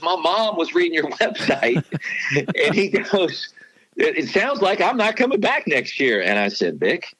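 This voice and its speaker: A man's voice: fairly low pitch, a bit bright, no echo, low-quality recording. A man, a sports broadcaster and podcast guest, telling stories in casual chat with many restarts and asides.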